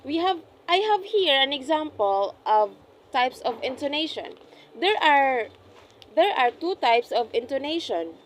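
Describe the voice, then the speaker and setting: A young woman, a student, reading a class report aloud, carefully and deliberately, often correcting herself mid-phrase. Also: high voice, sing-song, a little hiss or hum, poor audio. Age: young adult. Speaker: student presenting an assessment.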